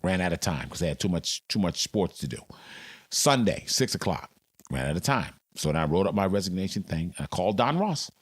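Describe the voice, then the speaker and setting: An older man with a very low, deep voice tells his stories emphatically, leaning hard on his key lines. He sounds like a veteran sportscaster talking as an interview guest. The sound is dry and close, with no room echo. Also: sing-song, a little fast, husky. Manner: emphatic, dramatic storyteller. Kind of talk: storytelling in a podcast interview.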